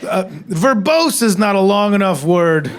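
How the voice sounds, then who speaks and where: A man's voice: sits high, big pitch swings, measured pace. A man doing stand-up with a wry, self-questioning delivery. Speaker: stand-up comedian. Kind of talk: stand-up comedy. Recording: loud crowd and noise.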